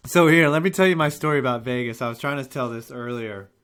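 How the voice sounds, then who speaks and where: A man's voice: medium pitch, fast talker, clear, resonant tone. A young man hosting a live show, telling a rambling story in casual, profane chat. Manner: animated, profane, rambling with restarts and laughs.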